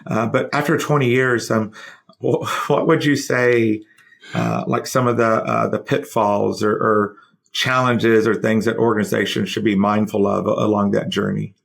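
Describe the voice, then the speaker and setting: A male podcast host with a low, gravelly voice talks loosely and rambles. His questions wander through many fillers and restarts before he gets to the point. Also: level tone, measured pace. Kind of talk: conversational interview.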